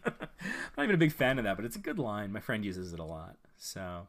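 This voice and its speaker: Reviewing his viewers' channels on a casual live stream, a man speaks a little fast in a mid-range voice full of big pitch swings. His talk rambles with fillers and restarts as he reasons aloud and shares friendly advice.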